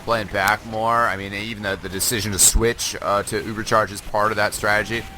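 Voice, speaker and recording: A man's voice: lowish voice, flat delivery, a little fast, pushed and bright, slight background noise. A man giving live analysis of an online game match over a headset, chatty and laughing often, with many fillers. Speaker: esports co-caster. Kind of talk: live color commentary.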